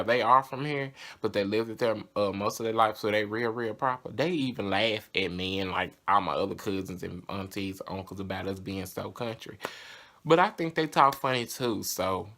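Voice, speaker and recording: Young southern dude vlogging, candid and chatty, kinda low pitched, raspy gravelly fry. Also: male voice, a bit bright. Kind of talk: casual confessional vlog.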